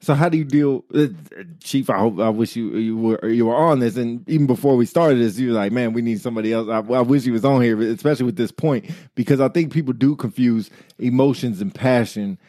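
In a mid-range voice, a man talks fairly quickly with few pauses, lively and casual as he co-hosts the show. He acts out quotes while walking through examples, and the dry recording is studio quality.

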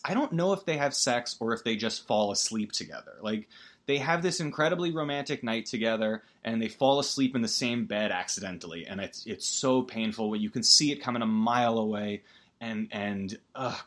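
A man's voice: mid-range voice, lively intonation, moderate pace, fairly bright tone. A man giving a casual, rambling movie recap as a podcast host, full of fillers and wry emotion.

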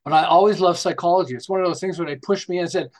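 A man's voice: high-pitched, very fast. An older man from Canada, a podcast guest, telling rambling stories in a casual interview with many restarts. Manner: rambling, animated anecdotes with restarts.

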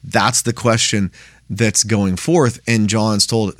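A man's voice: lowish voice, steady tone, takes it slowly, fairly bright tone, no echo, clean studio sound. A man teaching a Bible study in a plain, conversational way, often checking in with "right?".

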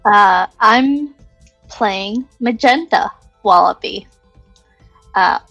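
A woman's voice: medium pitch, extremely slow, a bit bright, no echo, muffled recording, faint music behind. A woman player chatting casually in a tabletop game, giggly and self-deprecating.

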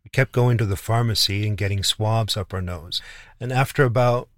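A man's voice: lowish voice, moderate pace, fairly bright tone, no room sound, studio quality. A man telling a travel story in casual chat, indignant, often repeating and restarting words.

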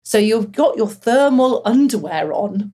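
A woman, a former fighter pilot, telling stories in a casual interview with animated laughter. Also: a little high, unhurried, slightly rough.

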